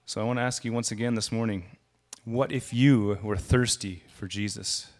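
A man's voice: fairly low pitch, fairly even intonation, normal speed. A man giving a sermon as a guest preacher, speaking conversationally and raising his voice for quoted lines.

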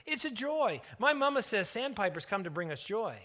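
A bright, cheerful little girl of six, acted out by a man telling a story in a sermon. Her voice sits far above his own and bounces in a sing-song way. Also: high-pitched, big pitch swings, normal speed, pitched above the performer's own voice, heavily acted.

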